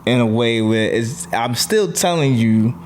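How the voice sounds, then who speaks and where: Male comic guest, New York accent, mid pitch, blunt and easygoing storyteller. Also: animated, a little slow, a little hiss or hum. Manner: blunt, laughs while telling stories. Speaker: comedian guest. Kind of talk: casual chat.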